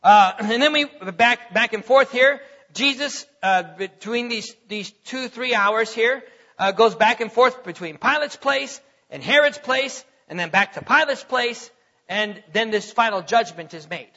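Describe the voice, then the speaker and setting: A man teaches a sermon, his voice high and bright with a husky grain. He talks conversationally and keeps checking that his listeners follow along. The recording is dull and lo-fi. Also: lively intonation, a little slow. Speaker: preacher.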